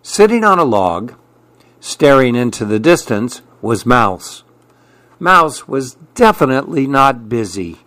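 A man reading a children's story aloud as narrator in a calm, measured way. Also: mid-range voice, no echo.

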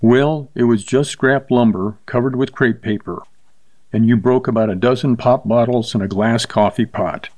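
Casting: man doing a sharp-tongued young woman, accusing, in a plain reading voice. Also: medium pitch, moderate pace, close to an everyday voice.

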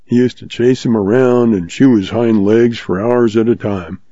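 Man reading smooth-talking young cowboy, folksy drawl, dark husky tone. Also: mid-range voice, steady tone, normal speed, dry recording, highs cut off, natural voice. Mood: earnest.

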